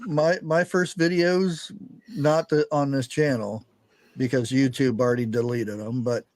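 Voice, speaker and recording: A man who is a panel guest, speaking in an easygoing way and often halting and restarting his sentences. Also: mid-range voice, fairly even intonation, darkish tone, no room sound, poor audio. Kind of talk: casual panel chat.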